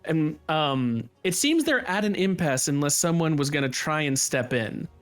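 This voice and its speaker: A man's voice: fairly high pitch, animated, normal speed, fairly bright tone, clean tone. Casual man game master narrating. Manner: casual, full of fillers.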